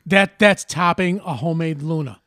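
A man's voice: on the high side, normal speed, a bit bright, dry recording, studio quality. A man co-hosting a casual comedic debate, blunt and sarcastic, heckling the other side.

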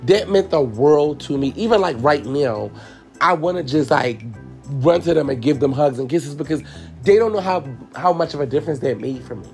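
Gravelly-voiced man telling a candid story. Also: on the high side, animated, normal speed, a little mellow, faint music behind. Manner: candid and profane, heavy on fillers, talks straight to listeners. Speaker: podcast host and hairstylist. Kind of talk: casual personal storytelling.

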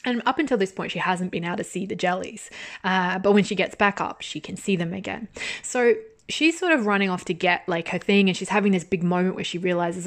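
A woman's voice: medium pitch, normal speed. Woman podcast host, casual drama-review monologue, chatty, sweary, laughs often.

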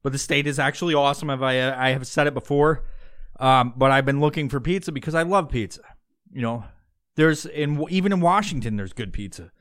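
A podcast host from Long Island with a slight New York accent, ranting and swearing constantly as he mocks people in loud put-on voices. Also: medium pitch, a little fast. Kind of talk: profane comedic rant.

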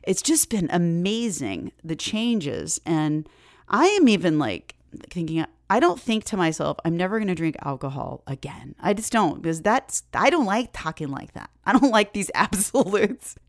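Her voice mid-range and her pace a little slow, a female fitness podcast host chats on her own in a relaxed, upbeat way. She is animated and encouraging and leans heavily on filler words. The recording is studio quality, with no room sound.

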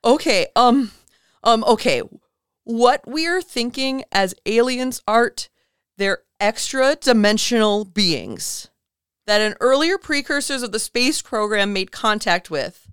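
A woman's voice: a little high, animated, fairly bright tone, clean tone, dry recording, studio quality, voice pushed up. Woman doing a frantic, tearful man on the phone. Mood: panicked. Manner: sputtering, near tears, halting. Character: frantic panicked male caller on the run. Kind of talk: podcast chat.

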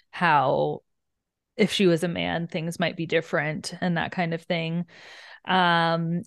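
A woman's voice: on the low side, smooth, dry recording, studio quality. A woman chatting casually about a novel, recapping chapters and acting out characters' lines. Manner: relaxed, acts out characters' lines. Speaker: book discussion co-host.

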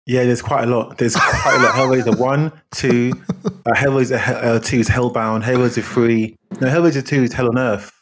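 Male co-host, husky voice, laid-back and agreeable. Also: medium pitch, steady tone, normal speed. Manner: easygoing, agreeable, lots of "yeah". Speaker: podcast co-host. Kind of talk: casual chat.

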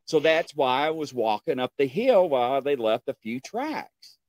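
Speaking at medium pitch and a normal pace, with no echo, a man tells a story in casual conversation. He's animated, performs the dialogue himself, and keeps asking his listeners "okay?"

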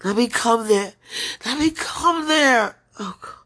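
A tearful woman in an emotional spoken prayer, pleading in halting, repeated phrases. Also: a little high, expressive, fairly bright tone.

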